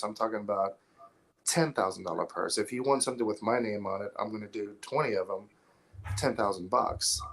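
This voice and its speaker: A man's voice: fairly low pitch, fairly bright tone. A man as a podcast guest, talking bluntly and profanely in casual chat, rambling through stories. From Atlanta area, US. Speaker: podcast guest, film installer.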